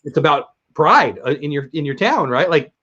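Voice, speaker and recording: A man's voice: fairly high pitch, expressive, moderate pace, bright, forceful tone, breathy edge. A man from San Diego hosting a livestream interview, talking in a rambling, self-deprecating, chatty way. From San Diego, USA. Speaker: livestream host. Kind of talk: casual interview chat. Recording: slightly dull lo-fi audio.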